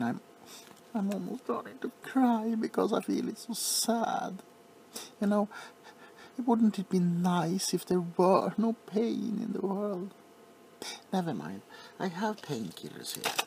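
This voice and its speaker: A man playing an overly attached, sentimental pharmacist in a whispered role-play, softly fussing and apologizing. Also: mid-range voice, slight background noise.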